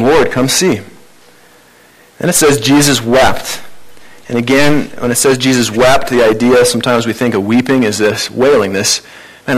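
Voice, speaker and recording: Male pastor, mid-pitched, conversational sermon with animated emphasis. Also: poor audio. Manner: conversational preaching with rhetorical questions.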